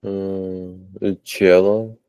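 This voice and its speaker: A man studying English in a one-on-one lesson, hesitantly naming single words after long pauses. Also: deep voice, level tone, mellow, clear, resonant tone, no echo. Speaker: student. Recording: dull, dry lo-fi sound.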